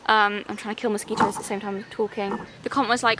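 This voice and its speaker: Woman vlogger, crisp bright tone, casual rambling rant with lots of fillers, faint noise behind. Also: on the high side, quick pace, hardly any pauses. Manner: rambling, exasperated rebuttal with many fillers. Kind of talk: casual vlog chat.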